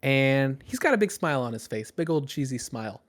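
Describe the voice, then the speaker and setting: A man's voice: medium pitch, big pitch swings, a little fast. A man narrating as game master in a casual, rambling way with many fillers.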